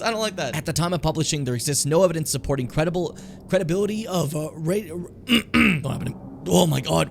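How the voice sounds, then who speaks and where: A man streaming a video game in casual commentary, excitable, swearing and shouting at enemies. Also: fairly high pitch, slight background noise. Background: game music.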